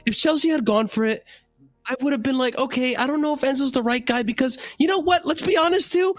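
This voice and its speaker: High, lively voice of a ranting man. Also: no echo, clean studio sound. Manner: profane, animated ranting. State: cranky from lack of sleep. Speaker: livestream co-host. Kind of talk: ranting fan livestream chat.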